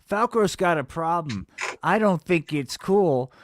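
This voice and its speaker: A man's voice: on the high side, expressive, unhurried, slight background noise, pitched above the performer's own voice. A man putting on the voice of a rowdy, stoned guy who teases and drawls his words. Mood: teasing. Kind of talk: casual chat.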